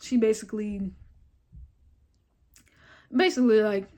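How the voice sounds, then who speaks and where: Young woman vlogging, blunt and cussing a lot, animated storyteller, acts out the convo, middle-pitched voice. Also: measured pace. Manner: retells scenes with quoted dialogue and filler like "boom, boom, boom". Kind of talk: casual storytelling vlog.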